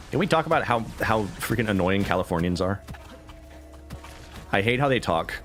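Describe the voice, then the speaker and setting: A man streaming a video game who rambles casually in an animated way, full of asides. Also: fairly low pitch, fairly quick, soft background music. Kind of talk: casual gameplay commentary.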